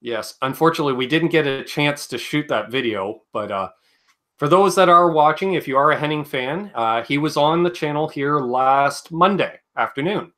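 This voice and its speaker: A man's voice: a little high, moderate pace, a bit bright. A man hosting a casual livestream chat, joking and reading viewer comments aloud. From Canada. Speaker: livestream host.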